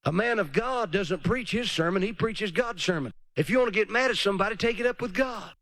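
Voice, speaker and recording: Preacher guy, high lively voice swinging all over, dry close sound. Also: fairly quick, no echo. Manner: animated, dramatic preaching with mocking put-on voices. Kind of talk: sermon.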